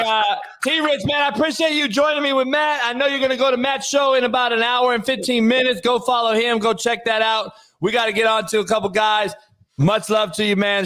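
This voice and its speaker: High, bright-voiced slangy male host. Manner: loose, slangy, profane banter. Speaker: show host and coach. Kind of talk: casual sports talk show banter.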